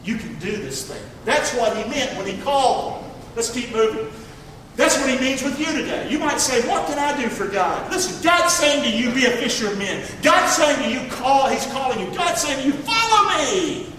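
A man preaching a sermon, reading scripture aloud and calling for responses, swinging from quiet asides to near-shouting. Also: extremely high pitch, fairly quick, slight background noise. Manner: reads scripture aloud and calls for congregation response. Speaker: pastor. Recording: echoey hall, distant mic.

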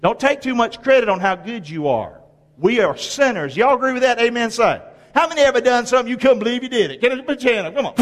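A man's voice: very high-pitched, animated, fast, big-room sound. A man preaching a sermon in a folksy way, calling on the congregation to answer and repeat after him. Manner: folksy preaching with call-and-response. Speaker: pastor. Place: church sanctuary.

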